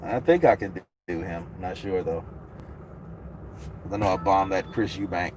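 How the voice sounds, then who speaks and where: A man's voice: deep voice, measured pace, a little mellow, a little hiss or hum. A man hosting a casual boxing livestream, reading out chat in a profane, joking, laid-back way. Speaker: host.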